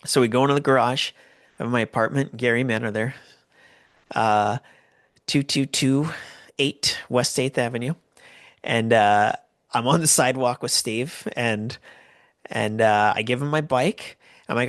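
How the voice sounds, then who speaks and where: A Canadian man telling a story in a loose, rambling way, full of "like" and false starts. His voice sits at an ordinary middle pitch and sounds dry and close, with no room around it. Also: normal speed, long pauses, fairly bright tone, no room sound. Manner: rambling, lots of "like" and restarts. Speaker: podcast host. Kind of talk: casual storytelling.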